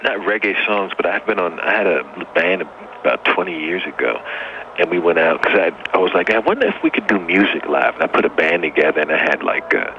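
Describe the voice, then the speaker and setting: A laid-back man in his fifties with a very low, deep voice, chatting easily as an interview guest. His voice comes over a dull, lo-fi line. Steady noise sits clearly behind him. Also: brisk. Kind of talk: casual interview chat.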